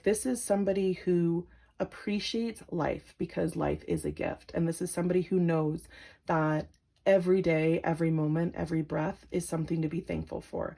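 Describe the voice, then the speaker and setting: A woman doing a pick-a-card tarot reading to her viewers, gentle and emotional, with lots of filler words. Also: on the low side, creaky. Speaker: tarot reader.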